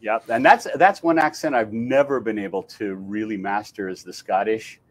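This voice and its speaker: A man's voice: on the low side, normal speed. Man demonstrating voices theatre guest. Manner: laughs easily, demonstrates accents. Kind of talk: casual chat.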